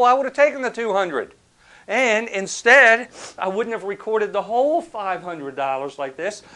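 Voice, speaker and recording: A man's voice: sits high, a bit bright. A male professor giving a recorded accounting lecture, speaking conversationally, asking the class questions and telling anecdotes to make his points.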